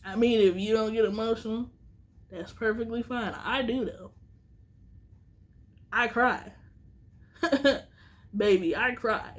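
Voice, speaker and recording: A woman's voice: on the high side, slow, long pauses. A woman vlogger talking straight to her viewers in a casual monologue, earnest and teary, repeating herself for emphasis.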